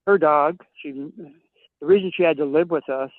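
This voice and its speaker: A man's voice: a little high, unhurried, dry recording. A man, a podcast guest, tells long profane stories and acts out the dialogue of the people in them. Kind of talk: casual storytelling chat. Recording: tinny phone-like line, dry.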